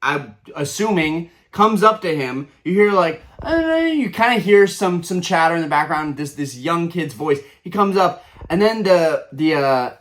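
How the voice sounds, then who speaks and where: This Pokémon card channel host, a young adult man, delivers a heated vlog rant packed with fillers and false starts. He speaks at a measured pace in a fairly high, sing-song voice with a fairly bright tone.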